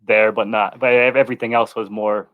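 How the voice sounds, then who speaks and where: A man on a podcast panel speaking in a hesitant, halting way. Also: lowish voice, flat delivery, dry recording, phone-quality sound. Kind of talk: casual chat.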